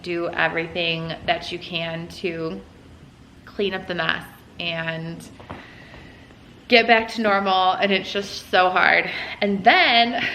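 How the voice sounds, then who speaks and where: A woman's voice: on the low side, bright, forceful tone, slight background noise. Chatty young woman in an echoey room. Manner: chatty, lots of "like" and "um". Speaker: vlogger. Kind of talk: casual storytelling while folding laundry. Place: room at home.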